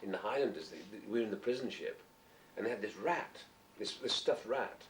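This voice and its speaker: A man who is an actor, telling lively anecdotes in an interview and acting out voices at an indoor fan event. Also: brisk, a little hiss or hum. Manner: animated storyteller who acts out voices. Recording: roomy, distant, low-quality amateur tape.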